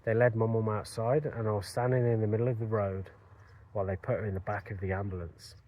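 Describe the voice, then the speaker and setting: A man's voice: lowish voice, level tone, fast talker, muffled recording. A man earnestly telling a personal story in a reflective way. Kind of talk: personal story told to camera.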